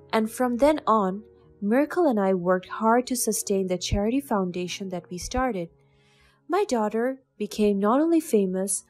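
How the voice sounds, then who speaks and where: A woman telling a first-person story at an even, measured pace. Her voice sits in a mid register. Faint music plays beneath her. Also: medium pitch. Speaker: narrator.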